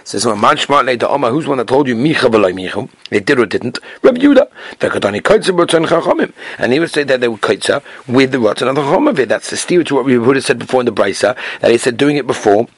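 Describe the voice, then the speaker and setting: A man giving a Talmud study lesson, reading the Aramaic text and quickly explaining it in English with many Hebrew terms. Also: medium pitch, expressive, no room sound. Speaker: Talmud teacher.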